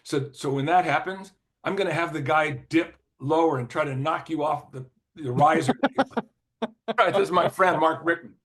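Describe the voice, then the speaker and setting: An older man, a former record executive, telling a rambling anecdote in an interview, with frequent "you know" fillers, restarts, laughs and throat clearing. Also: on the high side, normal speed, a bit bright. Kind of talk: anecdotal storytelling in conversation.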